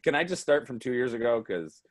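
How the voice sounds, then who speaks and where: A lively male host chats on a live video call, his pitch jumping all over the place. He is excitable and fills his talk with ums and restarts. His voice sits at an ordinary middle height. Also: a little fast. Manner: excitable, chatty, many fillers. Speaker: livestream host. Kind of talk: casual live video chat.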